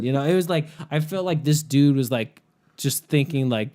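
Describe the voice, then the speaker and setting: A man telling a story in casual chat. He is animated, laughs often and says "like" all the time. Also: mid-range voice, normal speed. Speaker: podcast guest storyteller.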